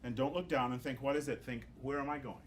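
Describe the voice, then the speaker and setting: A man conducting a choir rehearsal, coaching singers with animated, demonstrative instructions and bursts of sung examples. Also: mid-range voice, fast, a little hiss or hum.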